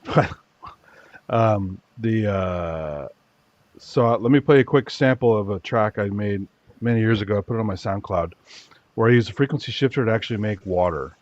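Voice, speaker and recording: Low-voiced man chatting on a dull call. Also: normal speed, dry recording. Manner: hesitant, apologetic, lots of fillers. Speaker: co-host. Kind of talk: casual chat. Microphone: video call.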